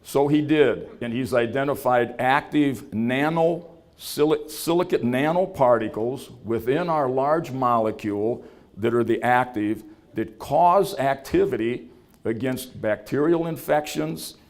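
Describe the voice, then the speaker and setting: A man with a drawl tells a story to an audience at a business event. His voice sits at a middle pitch, and he talks in a relaxed, folksy way, acting out the people he quotes. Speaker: startup founder giving a talk. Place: event venue.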